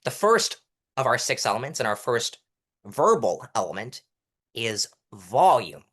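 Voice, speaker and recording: A young man with a stuffy nose explaining public speaking technique as an interview guest, demonstrating changes in loudness and pitch as he goes. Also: very animated. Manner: self-admitted fast talker. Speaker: interview guest, mock trial coach.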